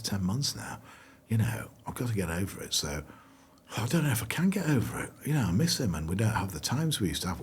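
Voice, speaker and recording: A man's voice: low-pitched, slight background noise. A middle-aged man, a brand founder being interviewed, talking casually and rambling with lots of fillers and restarts. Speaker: guest.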